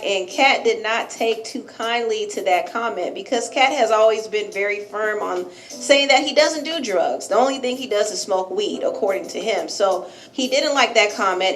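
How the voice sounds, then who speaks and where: A woman host recapping celebrity gossip in a chatty, upbeat way. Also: mid-range voice.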